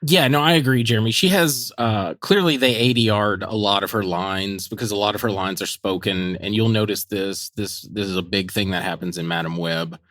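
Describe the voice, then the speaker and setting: A man's voice: lowish voice, moderate pace, few pauses, no echo, studio quality. A man co-hosting a movie podcast, talking casually and animatedly, laughing as he mocks lines from the film. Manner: animated, laughing, mocking quotes. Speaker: podcast co-host. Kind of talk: casual movie review chat.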